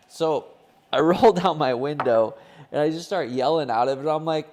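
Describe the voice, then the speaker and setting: Casual co-host, a man with a fairly high voice, swearing as he rambles through a story. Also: expressive, normal speed, darkish tone. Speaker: podcast co-host. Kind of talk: casual chat.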